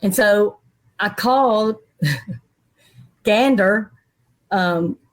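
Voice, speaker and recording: A middle-aged woman, a guest in an interview, telling a personal story in a lively way and acting out other people's voices. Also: medium pitch, extremely slow. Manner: animated, acts out quoted people's voices.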